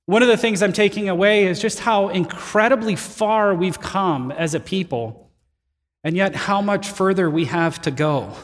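A man, a pastor, preaching a sermon in a conversational storytelling way, animated and self-deprecating. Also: high voice, normal speed, long reverb tail.

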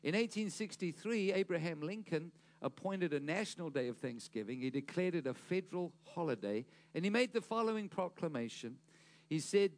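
A man's voice: fairly high pitch, lively intonation, a little fast, a little mellow. A man preaching a sermon to a congregation, pushing his voice up for emphasis, asking the room questions and stumbling into restarts. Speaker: pastor.

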